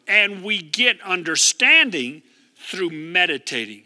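Older male pastor, bright high voice, call-and-response preaching, echoey hall. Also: lively intonation, normal speed. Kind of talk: sermon. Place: church hall.

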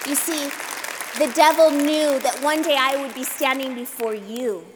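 High, girlish-voiced woman preaching. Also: fairly even intonation, unhurried, in a large hall, a crowd in the background, background noise. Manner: emphatic, repetitive exhortation with call-and-response amens. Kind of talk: sermon. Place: church sanctuary.

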